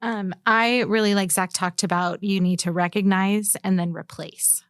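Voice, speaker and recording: A woman hosting a casual podcast discussion, chatty and quick to laugh. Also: medium pitch, steady tone, clean tone, no room sound, studio quality. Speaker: podcast host.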